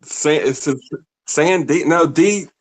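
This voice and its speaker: A man's voice: fairly high pitch, slow pace. A man co-hosting a casual crypto chat, laid-back, laughing often and swearing freely. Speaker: podcast co-host.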